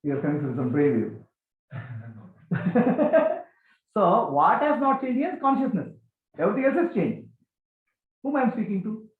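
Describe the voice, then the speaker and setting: A man giving a spiritual talk to a gathering, animated and questioning, repeating key phrases. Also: high voice, a little fast, long pauses. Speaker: spiritual teacher. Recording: echoey, tinny phone-like sound.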